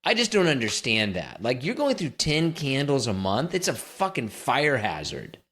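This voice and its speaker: A man co-hosting a podcast, sarcastic and exasperated, launching into ranting riffs. His pitch swings widely as he needles his co-host. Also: huge pitch swings, moderate pace, fairly bright tone. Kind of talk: casual banter.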